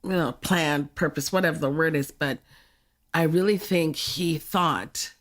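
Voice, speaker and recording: A woman's voice: sits low, measured pace. A woman from California, a podcast guest talking casually and reflectively, sometimes searching for the right word. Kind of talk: casual conversation.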